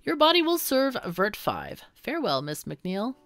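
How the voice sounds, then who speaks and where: A cold, formal official from a dystopian video game, as a woman reads the lines aloud. The delivery is stern and deliberate, with lively pitch movement. The sound is dry and close. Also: no echo, heavily acted.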